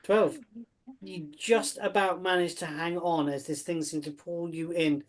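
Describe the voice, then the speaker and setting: A woman's voice: fairly low pitch, measured pace. A woman narrating as game master, playful and often laughing.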